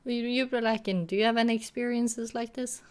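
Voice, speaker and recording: A woman from Norway hosting a casual group chat, talking in a relaxed way and laughing often. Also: on the high side, fairly quick. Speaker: host.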